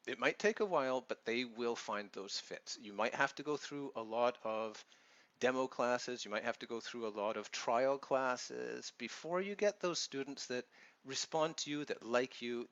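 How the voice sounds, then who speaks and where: A man's voice: medium pitch, unhurried, a bit bright, dull audio. Reassuring Canadian man giving advice. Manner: earnest, reassuring, explanatory. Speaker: online English teacher and vlogger. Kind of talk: advice vlog talking to camera.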